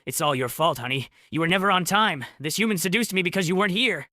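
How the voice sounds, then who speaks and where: A demon queen screeches her complaints in a high, piercing voice, bright and tense, with no room around it; a man puts her on. She scolds without letting up. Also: lively intonation, fast, no echo, studio quality. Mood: shrieking. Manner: shrieking, scolding. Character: shrill furious demon queen, female.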